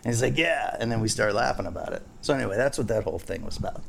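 A man's voice: fairly low pitch, rapid-fire, vocal fry, a little hiss or hum. A man who is a fishing guide, hosting a casual podcast chat and rambling through jokes and stories. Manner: rambling, joking, storytelling.

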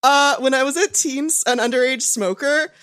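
A woman's voice: high-pitched, normal speed, a bit bright. A woman co-hosting a casual podcast, telling stories with lots of laughter and swearing. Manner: giggly storyteller, swears. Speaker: podcast co-host. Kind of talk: casual chat.

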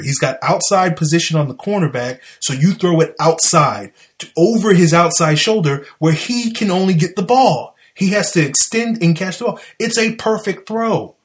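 Animated man arguing football plays. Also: high-pitched. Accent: Southern US. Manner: animated, exasperated and argumentative. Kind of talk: casual sports commentary.

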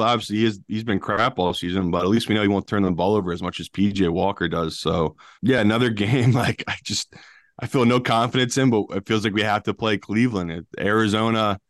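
A man's voice: fairly low pitch, no room sound, studio quality. A man co-hosting a sports betting podcast, talking in a loose, teasing way and swearing casually.

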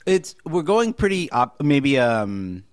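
A man on a podcast with a lively, swinging voice and dry, close sound. He talks casually and drops wry deadpan asides, laughing often between points. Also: mid-range voice, takes it slowly, clean tone, dry recording. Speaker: podcast co-host. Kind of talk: casual chat.

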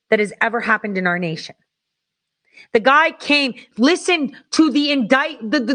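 Brief: woman host, somewhat high voice, heated and profane commentary, hammers points by repetition. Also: a bit bright. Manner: profane, heated, repeats herself. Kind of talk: angry political commentary.

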